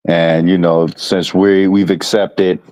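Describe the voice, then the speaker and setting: A man's voice: low voice, flat delivery, slow pace, darkish tone, poor audio. A man hosting a podcast, chatting casually and hesitantly, repeating words as he thinks. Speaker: podcast host.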